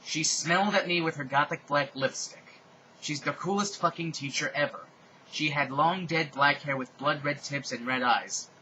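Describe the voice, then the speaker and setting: Bright-voiced deadpan male reader. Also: fairly high pitch, moderate pace, muffled recording, a little hiss or hum. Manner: deadpan with sarcastic asides. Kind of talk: mocking dramatic reading.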